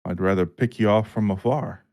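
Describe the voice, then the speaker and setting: A man's voice: on the low side, normal speed, a little mellow. A young man hosting a podcast, joking around and swearing freely in casual chat. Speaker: podcast host.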